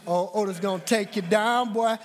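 A man's voice: high-pitched, normal speed, faint music behind, natural voice. A man putting on the voice of a cocky, out-of-shape old security guard, drawling his taunts. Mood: taunting. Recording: long hall reverb.

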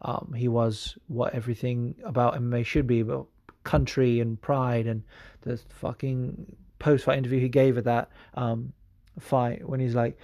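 A man's voice: mid-range voice, level tone, normal speed, a little mellow, no echo, studio quality. A man hosting a podcast in casual chat, rambling with many fillers and swearing freely. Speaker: podcast host.

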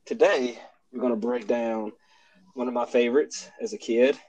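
Young man hosting, talking low. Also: level tone, moderate pace, a little mellow, lo-fi sound. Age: young adult. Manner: laughs often, keeps his voice low. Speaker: podcast host. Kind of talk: casual podcast chat. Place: cold room at home.

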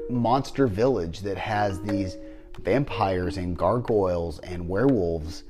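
A man with a low-pitched voice talks through a podcast in loose, casual chat. He rambles, restarts sentences and leans on fillers. Faint music sits under the talk. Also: takes it slowly, darkish tone. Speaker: podcast co-host.

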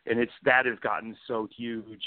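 A man's voice: mid-range voice, flat delivery, normal speed, no room sound. A male author and guest, reading his book aloud dramatically and then chatting in an enthusiastic, rambling way. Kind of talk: casual chat and dramatic reading. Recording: dry, phone-like sound.

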